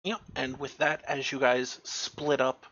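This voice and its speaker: A man running a tabletop game as game master, narrating in a halting way full of fillers. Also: medium pitch, flat delivery, fairly bright tone. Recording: dull lo-fi mic.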